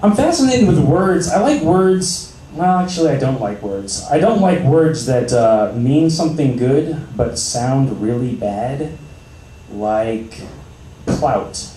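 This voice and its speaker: A young man doing a stand-up comedy set in a small cafe, with a deadpan, dry delivery broken by sudden loud outbursts. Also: mid-range voice, slow pace, slight background noise. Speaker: stand-up comic. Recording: roomy, distant amateur recording.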